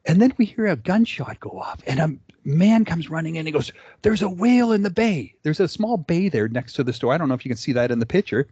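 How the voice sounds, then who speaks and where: A middle-aged man tells stories to an audience in a loose, conversational way, often pausing on "uh" and breaking into the voices of people in his anecdotes. His voice sits a little high for a man. The recording is dry and muffled, with little room sound. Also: lively intonation, dark tone, slightly rough, dry recording. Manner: conversational, with frequent "uh" fillers and acted-out quotes. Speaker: presenter. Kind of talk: storytelling presentation.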